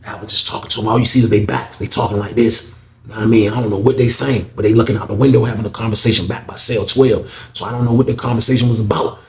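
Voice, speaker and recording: A man's voice: lowish voice, a little mellow. Brief: young male storyteller, casual slang, repeats himself, echoey room. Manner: slangy, repeats lines for emphasis.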